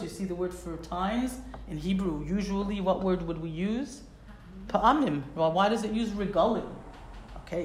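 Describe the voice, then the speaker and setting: A woman's voice: mid-range voice, darkish tone, slight background noise. Emphatic woman teaching in a roomy space. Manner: emphatic, repeats words for stress; reads Hebrew verses then translates. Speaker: Torah teacher. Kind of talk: Bible class explaining verses. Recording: roomy echo.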